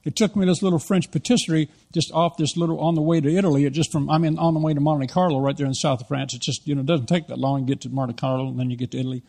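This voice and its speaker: American guy preaching, lively storyteller, kinda high voice, acts out the quotes. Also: racing, creaky, few pauses. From United States. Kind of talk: storytelling sermon.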